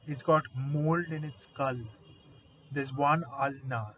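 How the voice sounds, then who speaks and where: A man casually retelling a horror story, animated and conversational, swearing now and then. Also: mid-range voice, takes it slowly, a little hiss or hum, low-quality recording.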